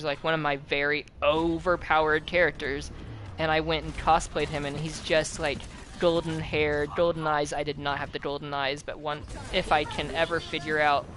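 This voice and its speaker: A young man chatting casually while gaming, telling animated stories with a lot of swearing and acted-out quotes. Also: fairly high pitch, noisy background. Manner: animated storyteller, swears often, acts out quotes. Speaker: host. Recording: game music playing loudly behind.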